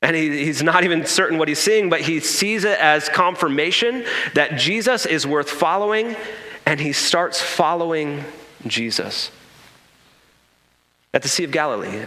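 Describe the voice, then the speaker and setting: A man preaching a sermon as a pastor, telling the story in an animated way, acting out quotes and adding humorous asides. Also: on the high side. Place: church sanctuary. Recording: echoey church hall reverb.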